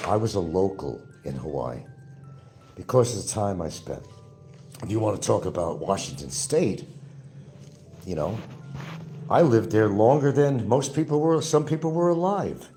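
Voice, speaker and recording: A man's voice: lowish voice, warm tone. An older man from New York with a slight New York accent, rambling and repeating himself as he hosts a casual live stream and reads viewer comments. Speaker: YouTube livestream host.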